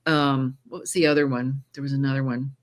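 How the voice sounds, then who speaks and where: A woman with a notably low voice speaks casually about her work narrating audiobooks. She is from the United States and has a singer's control. She tells stories in a lively way and laughs often. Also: fairly quick. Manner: trained singer with controlled delivery. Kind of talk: casual interview chat.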